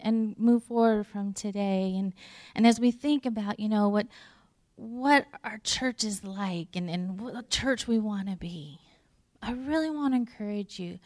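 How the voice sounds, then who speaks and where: A woman pastor delivers a sermon built around a personal story, speaking conversationally with lots of fillers and restarts. Her medium-pitched, slightly mellow voice sometimes drops to a near whisper at tender moments, recorded dry and clean in a studio.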